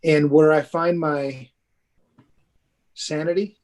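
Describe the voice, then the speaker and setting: A man's voice: fairly high pitch, fairly even intonation, takes it slowly, darkish tone. A man co-hosting a podcast in casual chat, talking earnestly and at length, with casual swearing. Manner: earnest, rambling, profane. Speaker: podcast co-host.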